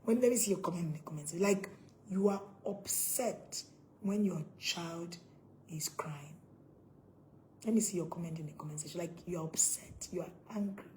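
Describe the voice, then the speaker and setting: A woman's voice: lowish voice, moderate pace, slight background noise, low-quality recording. A woman giving a preachy parenting talk to camera. She quizzes her viewers and repeats her points. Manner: preachy, asks viewers questions, repeats points, bursts into loud acted scolding. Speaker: parenting coach.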